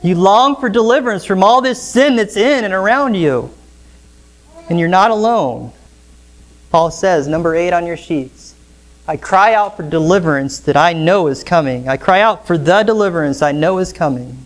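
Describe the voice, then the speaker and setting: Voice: mid-range voice, expressive, moderate pace. Pastor, church sermon, verse-by-verse teaching, rhetorical questions to the congregation. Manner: expository preaching with frequent rhetorical questions to the congregation.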